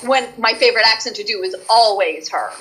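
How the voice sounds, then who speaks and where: A woman who works as a voice actress, chatting as a guest and telling stories in an effusive, animated way. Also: fairly high pitch, fairly quick, rough recording. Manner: animated storyteller, effusive, many restarts. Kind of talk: casual interview chat.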